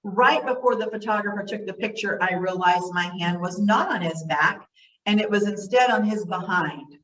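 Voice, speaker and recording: A woman's voice: medium pitch, normal speed, fairly bright tone, a little hiss or hum. A middle-aged woman presenting a self-care workshop in a folksy, encouraging way, speaking straight to her listeners. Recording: echoey, distant, dull sound.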